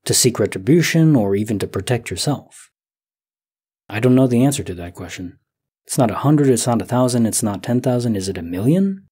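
A man in his thirties, a sleep story narrator, musing slowly and softly as he comments on listener stories. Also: medium pitch, expressive, breathy edge. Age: 30s. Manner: slow, soft, reflective, thinking aloud.

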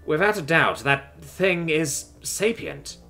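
A man's voice: on the high side, animated, slow, gravelly, pushed and bright, soft background music, pitched above the performer's own voice, heavily acted. A man voicing a grave alien counselor.

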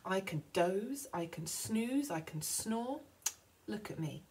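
A woman's voice: mid-range voice, animated, slow, a little mellow, husky, exaggerated voice. A woman voicing a sleepy, boastful female koala in a read-aloud picture book. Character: drowsy female koala high in a tree.

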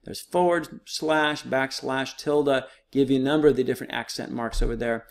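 A man's voice: medium pitch, fairly even intonation, normal speed, creaky. A man teaching a recorded online lesson, explaining step by step in a casual, patient way with frequent fillers.

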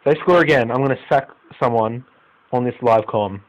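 This young gaming YouTuber from Australia talks a little fast during live football management game commentary, shifting from low mutters to loud exclamations laced with swearing. The recording has a lo-fi sound.

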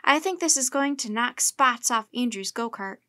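A woman voices Mandy, a cheerful girl, in a high, bright, forceful tone with lively intonation at a moderate pace. The recording is dry, with a clean studio sound.

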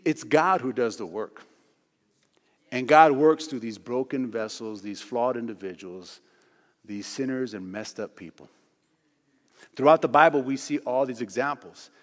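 Emphatic male pastor in an echoing church. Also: medium pitch. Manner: emphatic, repetitive phrasing. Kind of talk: sermon. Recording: long church hall reverb.

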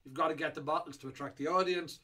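Guy rambling about auction lots, kinda high voice, lots of ums. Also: fairly even intonation, fast, pushed and bright. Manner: rambling and chatty with many fillers. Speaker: whiskey auction host. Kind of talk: casual chat previewing auction lots.

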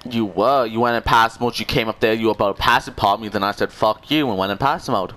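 A man's voice: fairly low pitch, steady tone, quick pace, pushed and bright. A young man trash-talking other players in online game voice chat, sarcastic, mocking and swearing. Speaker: gamer.

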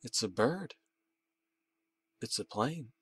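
A man voicing a hoarse sinister phone caller. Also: animated, a little hiss or hum. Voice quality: hoarse, low and hushed. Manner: slow, menacing, terse.

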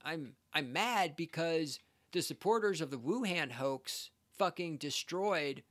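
A man's voice: fairly high pitch, animated, slow pace, a bit bright. Sarcastic, heated man ranting on a podcast. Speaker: podcast host. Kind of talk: ranting commentary reacting to a read-out text.

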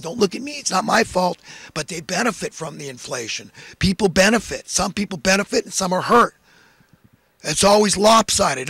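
A man's voice: high voice, fairly bright tone, slightly rough, dry recording. A man delivering a preachy, impassioned monologue of social commentary, full of emphatic rhetorical questions. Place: in California.

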